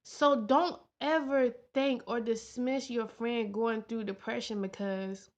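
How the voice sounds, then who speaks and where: A woman's voice: fairly high pitch, steady tone, slow pace. A young woman vlogging in an earnest, heartfelt way, repeating her lines for emphasis. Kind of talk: personal vlog talk. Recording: dull lo-fi sound.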